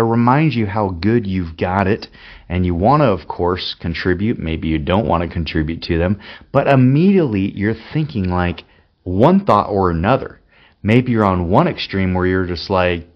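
A man hosting an unscripted devotional talk as a pastor, telling stories candidly and laughing often. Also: lowish voice. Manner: candid, chatty storytelling with frequent laughs. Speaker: podcast host, pastor. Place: Spokane area. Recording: dull lo-fi recording with faint music.

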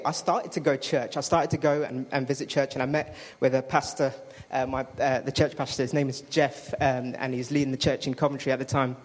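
A man giving a chatty personal testimony to a congregation, with fillers and restarts. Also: medium pitch. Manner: chatty storytelling with fillers and self-interrupting apologies.

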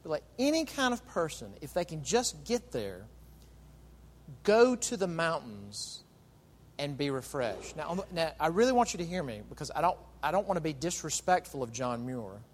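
A man preaching a sermon as pastor, emphatic, with rhetorical questions and dramatic pauses. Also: a little high, big pitch swings, in a large hall.

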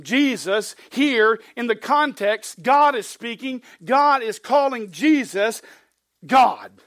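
A man's voice: extremely high pitch, animated, slow pace, pauses often, fairly bright tone, no room sound. A man preaching a verse-by-verse sermon, reading scripture aloud with rising emphasis and dropping into plainspoken, folksy asides. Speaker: pastor. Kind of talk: expository sermon.

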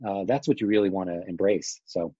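A man with a husky, slightly breathy voice talks about his work as a wedding photographer in a loose, rambling way, full of "like" and "you know". The sound is dry and a little dull, as if from a modest mic. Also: low voice, brisk, mellow, dry recording. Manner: rambling, lots of fillers, acts out quotes. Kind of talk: casual interview chat.

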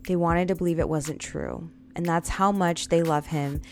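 Casting: woman in her thirties with a low voice, casual confessional storyteller who keeps talking straight to viewers, faint music behind. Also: steady tone, moderate pace. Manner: addresses viewers often, repeats lines for emphasis.

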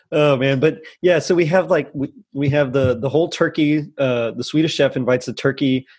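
A man's voice: on the high side, normal speed, a little mellow, breathy edge. A man co-hosting a casual podcast chat, rambling with lots of fillers and frequent laughter. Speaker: podcast co-host. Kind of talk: casual chat about a holiday special. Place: lives in the U.S. South.

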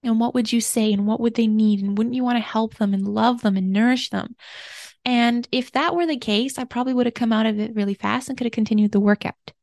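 A woman's voice: fairly high pitch, a little fast, vocal fry, no room sound. Earnest woman podcaster, dry close sound. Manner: earnest, gentle, openly confessional. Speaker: podcast host. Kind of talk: personal reflective monologue.

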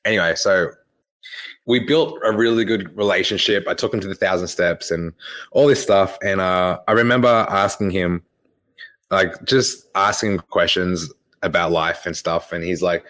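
A man's voice: sits low, steady tone, normal speed, fairly bright tone. A young man, a fitness coach telling a rambling, profane story in casual podcast talk. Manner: rambling, profane, laughs often.

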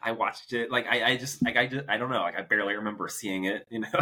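A man's voice: fairly low pitch, fast, sharp tone, a little hiss or hum. A man co-hosting a podcast, chatting casually about a film in a rambling way with many fillers. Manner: rambling, lots of "like" fillers, laughs often. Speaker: podcast co-host. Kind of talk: casual movie review chat.

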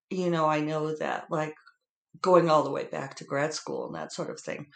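A man's voice: on the high side, lively intonation, moderate pace, gravelly. A man hosting a casual solo podcast, teary and emotional, rambling with many fillers and restarts. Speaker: podcast host. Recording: roomy echoey room.

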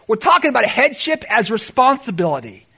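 A man preaching a sermon as pastor, animated, swinging between shouted exclamations and quiet asides. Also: very high voice, brisk, gravelly, breathy edge.

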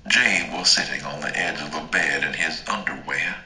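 A man narrating a first-person story in a slow, dramatic, deliberate way. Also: rumbling low, sharp tone, roomy sound, rough recording. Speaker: audiobook narrator.

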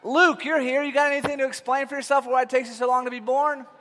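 A man in his thirties preaching a sermon, telling stories in an animated way that swings from loud to hushed. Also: very high voice, fast talker. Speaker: pastor. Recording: long reverb of a large hall.

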